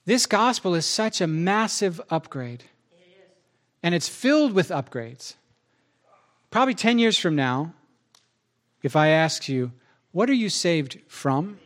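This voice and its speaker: Male pastor, sermon delivery, slightly higher voice, chatty and animated. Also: a little slow, pauses often. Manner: conversational, acts out both sides of a dialogue.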